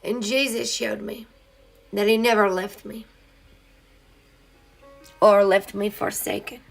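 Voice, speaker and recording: A woman speaking at home in an earnest, heartfelt spiritual monologue, now and then drifting into soft singing. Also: medium pitch, fairly even intonation, takes it slowly, vocal fry, soft background music. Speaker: vlogger sharing grief healing. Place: home, in her child's room.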